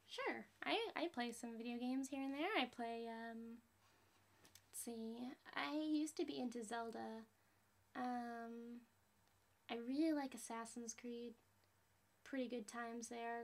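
A woman's voice: fairly high pitch, a little mellow. A woman putting on the voice of a perky, nervous teen girl heroine, rambling and apologetic as a fan impression.

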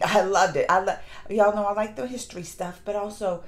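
A woman reviewing a movie in a casual vlog, gushing and excitable, with lots of fillers and restarts. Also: medium pitch. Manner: acts out lines in quick put-on voices. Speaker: movie reaction vlogger. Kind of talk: casual chat.

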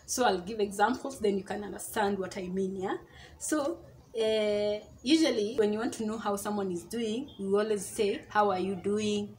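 A woman from Kenya gives a relaxed video lesson. Her voice sits at a middle pitch, and she slows down to repeat each example phrase several times. A faint noise hums behind her. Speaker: Swahili teacher. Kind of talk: casual online language lesson.

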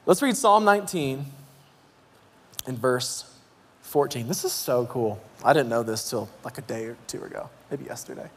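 A man in his thirties preaching in a church, telling a story with deep emotion and shouting out his kids' voices. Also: normal speed, slight background noise. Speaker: pastor. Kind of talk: sermon. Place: church sanctuary. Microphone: handheld mic. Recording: long hall reverb in a church.

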